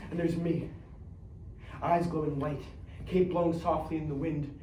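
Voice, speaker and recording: A man's voice: on the high side, level tone, measured pace, dark tone, slight background noise, close to an everyday voice. An actor on a theater stage playing a streetwise young man who believes he is Batman, talking in slang and acting out fights with sound effects. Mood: thrilled. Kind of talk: theatrical monologue. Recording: echoey stage recorded from far off.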